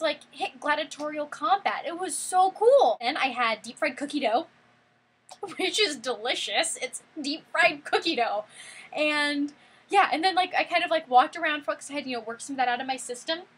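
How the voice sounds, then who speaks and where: An eighteen-year-old woman telling a story in a casual vlog, excitable and gushing, saying "like" constantly. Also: sits high, normal speed. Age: 18, college student. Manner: excitable, gushing, heavy use of "like". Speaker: vlogger.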